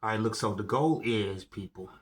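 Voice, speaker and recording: A man giving a slow, deliberate motivational monologue, often pausing to ask "right?" and correcting himself. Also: on the low side, slight background noise. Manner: slow, deliberate, keeps asking "right?" and restarting words. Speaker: motivational speaker. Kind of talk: slow solo monologue to camera.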